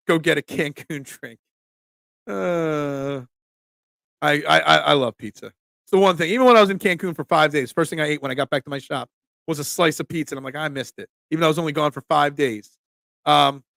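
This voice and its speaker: Gravelly Delco-accented man chatting sports. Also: a little high, sharp tone, dry recording. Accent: Delco (Philadelphia area). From Delaware County, Pennsylvania. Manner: blunt, rambling, reads chat comments. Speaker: host, pizza shop owner. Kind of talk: casual live-stream sports chat.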